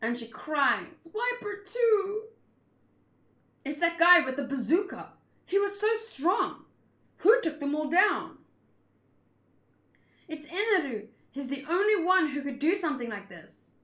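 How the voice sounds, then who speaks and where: A woman voicing a spirited little girl with mind-reading powers in a manga read-along, shrill and urgent. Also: very animated, a little slow, a bit bright, roomy sound, exaggerated voice. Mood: distressed.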